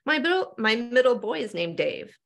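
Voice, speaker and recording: A woman's voice: a little high, big pitch swings, normal speed, vocal fry, fairly bright tone, voice pushed up, heavily acted. A woman reading aloud and voicing a chatty, motherly older woman who dotes on a stranger in a crooning way. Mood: doting. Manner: crooning, doting, calls everyone love.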